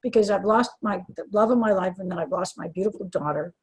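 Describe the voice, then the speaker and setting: A woman's voice: medium pitch, fast, a little mellow, slightly rough, low-quality recording. An older woman speaking earnestly and from the heart as an interview guest, with frequent restarts. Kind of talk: emotional personal interview.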